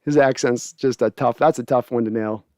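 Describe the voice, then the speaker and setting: A man's voice: mid-range voice, steady tone, moderate pace, darkish tone, no room sound, studio quality. A man hosting a sports podcast, casually chatting and reading viewer comments aloud. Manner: chatty, laughs often, reads comments aloud. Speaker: podcast host.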